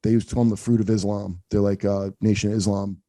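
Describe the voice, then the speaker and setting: A man's voice: lowish voice, level tone, fast, warm tone, no echo. A man hosting a comedy podcast, telling rambling, profane stories in casual chat. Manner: profane, rambling anecdotes with acted-out quotes.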